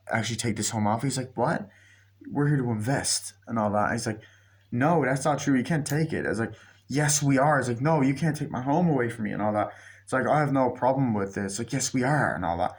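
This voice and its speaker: Man, casual reviewer; rambling, profane, mid-pitched, jumps into quick character impressions. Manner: rambling, profane, acts out scenes in quick mimicked voices. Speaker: movie reviewer. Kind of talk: casual spoken movie review.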